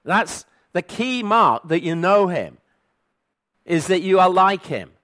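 A man's voice: high voice, very animated, takes it slowly, a bit bright. A man preaching a sermon in an earnest, emphatic way, often repeating words as he restarts.

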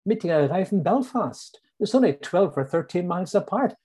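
A middle-aged man from Northern Ireland with a Northern Irish accent, preaching a sermon and slowly repeating his key lines for emphasis. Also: sits high, lively intonation, warm tone, husky.

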